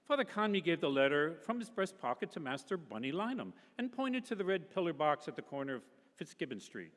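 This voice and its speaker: A man reading a novel aloud at a public literary festival, expressive and characterful, shifting his voice between narration and the people in the story. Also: on the high side, fairly quick, big-room sound.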